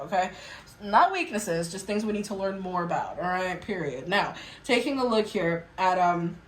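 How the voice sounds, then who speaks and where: A young adult woman with a medium-pitched voice gives her viewers a casual tarot reading, chatty and blunt, laughing and swearing as she acts out exasperated remarks in a mocking voice. The recording is low quality, in an echoey room.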